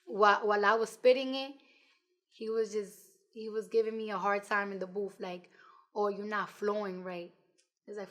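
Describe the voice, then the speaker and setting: A woman's voice: medium pitch, normal speed. A woman in her twenties with a New York accent, a rapper talking bluntly and profanely in a casual interview. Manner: blunt, profane, animated storytelling.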